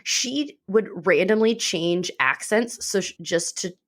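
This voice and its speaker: A woman's voice: mid-range voice, takes it slowly. A woman co-hosting a podcast, chatting casually and energetically as she retells a book's plot and swears freely. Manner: animated, swearing, retelling plots with quoted voices. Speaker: podcast co-host. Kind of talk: casual chat recommending books.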